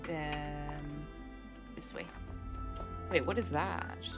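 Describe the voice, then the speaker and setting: A woman's voice: deep voice, steady tone, extremely slow. Chatty woman streamer over game music. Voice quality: chatty and self-deprecating, thinking aloud. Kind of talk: casual live-stream commentary.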